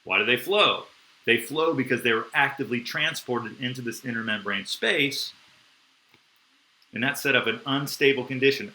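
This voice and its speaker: A man teaching biology on a live stream, excitable and slangy, with playful sound effects. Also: mid-range voice, poor audio. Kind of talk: enthusiastic live-streamed lecture.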